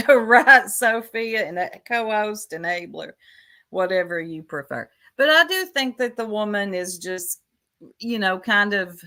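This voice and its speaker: Slow-talking, bright-voiced woman chatting on a livestream. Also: mid-range voice. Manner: chatty, rambling, talks to chat viewers by name. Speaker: YouTube livestream host. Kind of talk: casual livestream commentary.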